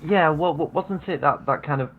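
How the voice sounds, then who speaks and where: A man's voice: on the high side, moderate pace, narrow, tinny audio. A man chatting playfully on a stream call, often teasing the others. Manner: playful and teasing, jokes around. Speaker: guest on a stream chat. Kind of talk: casual stream chat.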